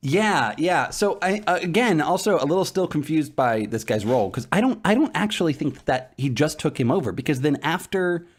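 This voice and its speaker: A man co-hosting a podcast, chatting casually and excitedly about a TV episode. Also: a little high, fairly quick, few pauses, breathy edge. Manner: excitable, animated storytelling. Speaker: podcast co-host. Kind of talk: casual chat.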